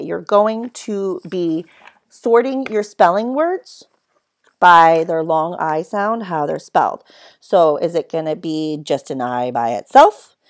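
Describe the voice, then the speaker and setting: A woman teaching a phonics lesson to young children, spelling words out letter by letter in an encouraging way. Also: deep voice.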